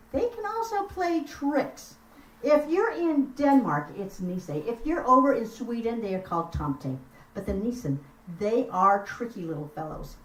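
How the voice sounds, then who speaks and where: A woman telling folk tales at a live house concert, expressive and chatting with the audience. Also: fairly high pitch. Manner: expressive, lively, chats with the audience. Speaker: storyteller. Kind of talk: live storytelling performance. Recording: roomy sound from far off.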